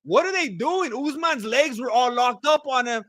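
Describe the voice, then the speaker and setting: A man's voice: very high voice, lively intonation, normal speed, a bit bright, no room sound. A man giving casual, joking play-by-play of a live fight, rambling and repeating himself. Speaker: fight commentator. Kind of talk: casual live fight watch-along commentary.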